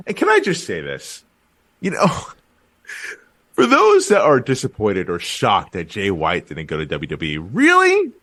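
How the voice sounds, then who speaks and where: A man co-hosting a wrestling podcast, talking in a loose, animated way with lots of fillers and restarts. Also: low-pitched, a little slow. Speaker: podcast co-host. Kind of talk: casual wrestling podcast chat.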